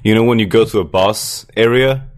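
Deep-voiced, relaxed man chatting. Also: a little fast. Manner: relaxed, searching for words mid-sentence. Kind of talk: casual chat about video games.

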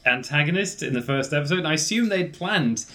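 A man with a somewhat high voice, chatting casually on a podcast with friends. He talks in a jokey, sarcastic way and keeps poking fun at what they discuss. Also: expressive, fairly quick, sharp tone. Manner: jokey, sarcastic, mock-quotes lines in silly voices. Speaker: podcast co-host. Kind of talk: casual chat among friends.

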